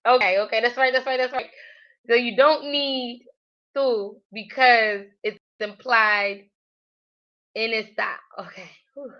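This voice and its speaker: Woman studying on a livestream, slow unhurried talk, hesitant and thinking aloud, dull lo-fi audio. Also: fairly high pitch, fairly even intonation. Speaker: language learner.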